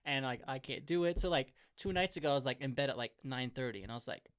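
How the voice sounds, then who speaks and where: A man's voice: medium pitch, quick pace, a bit bright. A young man co-hosting a casual podcast chat, talking in a chatty, joking way and laughing often. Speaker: podcast co-host.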